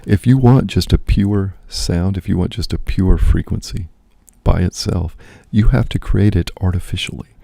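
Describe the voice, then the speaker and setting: A man's voice: deep voice, moderate pace, vocal fry, few pauses, warm tone, no echo. A man, a priest and host, musing aloud in casual spoken reflection, often checking in with "right?".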